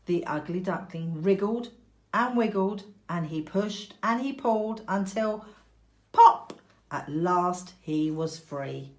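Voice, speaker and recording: Woman teacher, storytime narrator, unhurried and expressive, lower pitch. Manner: slow, expressive, clear for children. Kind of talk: storybook reading aloud.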